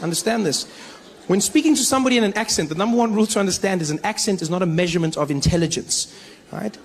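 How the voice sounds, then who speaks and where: South African comedian telling stories on stage. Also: male voice, high-pitched. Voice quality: animated storytelling, playing many voices. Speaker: stand-up comedian. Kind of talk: stand-up comedy. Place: stage in front of a live audience. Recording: live stage recording with faint noise.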